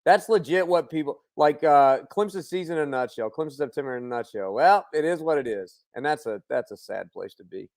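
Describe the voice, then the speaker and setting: A man co-hosting sports talk radio, animated and quick, with lots of fillers. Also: on the high side.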